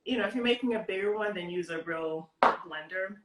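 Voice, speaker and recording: A woman's voice: mid-range voice, a little fast, echoey room, recorded from a distance, noisy background. A woman giving a casual cooking demonstration over a video call from her home kitchen, explaining tips step by step in a chatty way. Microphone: video call, stepping back from the device.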